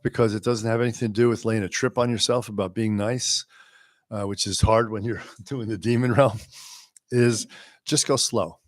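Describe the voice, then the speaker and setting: A man teaching a live question-and-answer class, talking in a relaxed, wry way and sometimes slowing to a quiet, measured voice. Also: medium pitch, no echo, studio quality. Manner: unhurried, wry, sometimes drops to a quiet slow voice.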